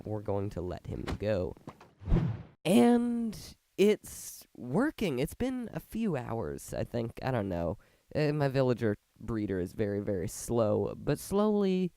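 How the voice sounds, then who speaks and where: A man who is sick with a fever and sore when he talks, rambling excitedly as he explains a build in a gameplay commentary. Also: mid-range voice, unhurried, no echo. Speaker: video game commentator. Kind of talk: let's-play gameplay commentary.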